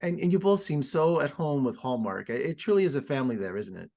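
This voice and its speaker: A man's voice: fairly high pitch, animated, quick pace, darkish tone. A man interviewing two actors, friendly and chatty as he asks his questions.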